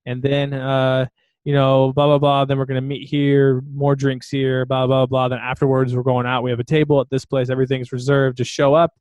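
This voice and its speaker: A man's voice: mid-range voice, monotone, brisk, a little mellow, smooth, dry recording. A man co-hosting a podcast, telling a story in a loose, laughing way with lots of fillers. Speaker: podcast co-host. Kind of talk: casual chat.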